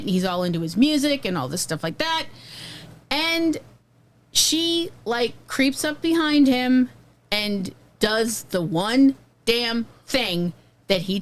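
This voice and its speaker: A woman co-hosting a podcast, talking through an old film in a loose, chatty way. She is frank and lively and often breaks into asides. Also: a little high. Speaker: podcast co-host. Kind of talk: casual film review chat.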